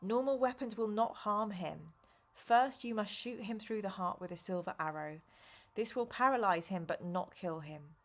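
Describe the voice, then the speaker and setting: A woman voicing a weary, stern old male wizard who speaks calmly and in measured tones while reading a gamebook aloud. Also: medium pitch, lightly acted. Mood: grave, calm.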